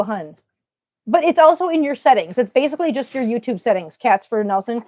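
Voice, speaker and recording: A woman's voice: sits high, lively intonation, moderate pace, no echo, highs cut off. A woman with a Minnesotan accent hosting a casual livestream, chatting with viewers and telling stories. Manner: chatty, storytelling, greets viewers warmly. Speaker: livestream host.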